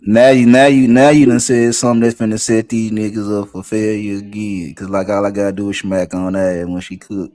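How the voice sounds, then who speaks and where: A man's voice: on the low side, flat delivery, brisk, few pauses, dark tone. A man in a casual live-stream chat, bantering in a laid-back, joking way.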